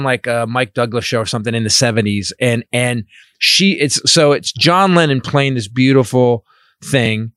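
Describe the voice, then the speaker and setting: A man hosting a casual comedic chat, rambling and animated, acting out the people he talks about. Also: medium pitch, no room sound, studio quality.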